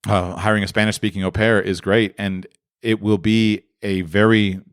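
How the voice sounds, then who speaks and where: A man's voice: on the low side, flat delivery, moderate pace, clean tone, no room sound, clean studio sound. A man hosting a call-in finance show, answering callers with opinionated asides and frequent restarts. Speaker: host.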